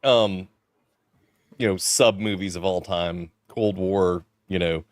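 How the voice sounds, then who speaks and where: Low-voiced, halting man, dry sound. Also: fairly even intonation, no echo. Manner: halting, many fillers. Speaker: podcast panelist. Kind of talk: casual chat.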